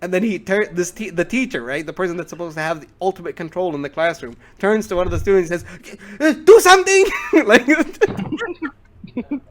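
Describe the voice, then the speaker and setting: A man's voice: sits high, fast. Rambling young man telling stories. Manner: rambling, many filler "like"s, acts out quotes. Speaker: podcast co-host. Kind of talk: casual storytelling.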